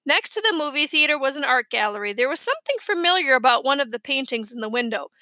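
Casting: woman narrator for a children's audiobook, high and bright, close dry mic. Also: big pitch swings, fast, no room sound. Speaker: audiobook reader.

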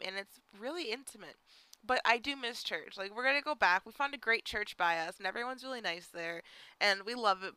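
Bright, chatty young woman. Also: mid-range voice, clean tone, no room sound, low-quality recording. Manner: chatty, lots of "like" and "you know". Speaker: podcast host. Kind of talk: casual personal storytelling.

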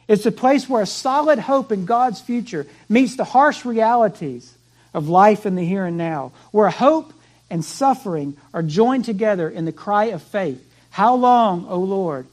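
Pastor guy preaching, kinda high voice, dramatic storytelling, goes quiet and prayerful at times. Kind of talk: sermon.

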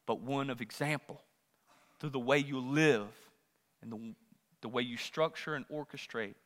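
A man preaching a sermon as pastor, swinging between loud rising questions and hushed asides. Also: a little high, long reverb tail. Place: church sanctuary.

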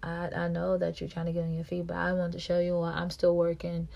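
A woman podcast host, telling a personal story in a monologue and acting out quarrels in a louder, higher voice. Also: monotone, fast, creaky, dull audio. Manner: reenacts quarrels with raised pitch and volume.

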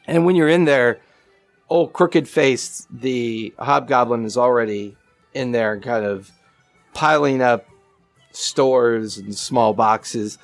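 A man narrating a tabletop game as game master, relaxed and rambling. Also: mid-range voice. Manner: relaxed, rambling, laughs easily.

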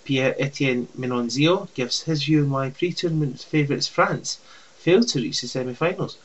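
A man, the podcast host, reading a scripted introduction at a steady pace. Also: a little high, lo-fi sound.

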